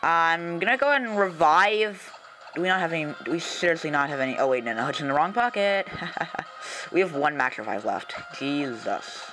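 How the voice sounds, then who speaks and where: A young man hosting a casual let's play, commenting on his game in an excitable, joking, profane way. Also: a little high, normal speed, background noise.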